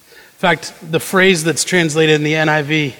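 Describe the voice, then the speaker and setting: A man's voice: on the high side, steady tone, normal speed, fairly bright tone, in a large hall, poor audio. A man preaching a sermon in a conversational way, acting out quoted prayers and tossing asides to the congregation. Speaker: pastor.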